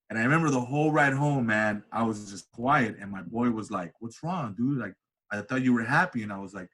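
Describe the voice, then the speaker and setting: Casual male interview guest, 30s, husky, animated storyteller who does voices. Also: fast. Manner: animated, acts out quoted voices with big pitch jumps. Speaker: interview guest, comedian and cinematographer.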